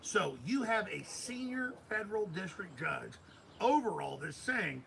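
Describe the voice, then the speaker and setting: A man's voice: high-pitched, sing-song, measured pace, vocal fry, sharp tone, slight background noise, poor audio. A middle-aged man as a radio host, giving heated political commentary in an intense, emphatic ranting manner.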